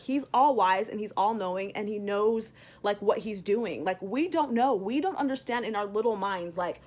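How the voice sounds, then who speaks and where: A young woman in a casual devotional vlog, rambling and animated, using "like" constantly as she retells a story. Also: fairly high pitch. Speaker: Christian vlogger.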